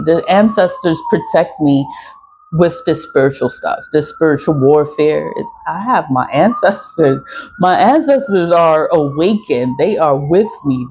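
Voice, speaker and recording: A woman's voice: deep voice, darkish tone, a little hiss or hum. A woman talking casually to her viewers in a rambling, profane monologue, laughing often as she talks. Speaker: spiritual vlogger selling cleansing products.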